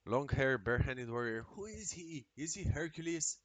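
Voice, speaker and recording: A man streaming a video game, talking casually and excitably with lots of swearing and exclamations. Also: mid-range voice, normal speed, slight background noise. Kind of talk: casual live-stream commentary while playing.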